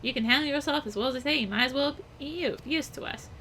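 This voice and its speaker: A woman's voice: high-pitched, fast talker, bright, forceful tone, a little hiss or hum. A woman doing a cocky, slangy rogue recruiter. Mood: sly.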